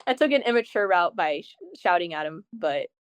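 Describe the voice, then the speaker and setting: A woman's voice: lowish voice, no room sound. Chatty young woman telling stories animatedly. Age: young adult. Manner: chatty, animated storytelling with quick asides. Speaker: guest's daughter. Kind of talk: casual interview chat.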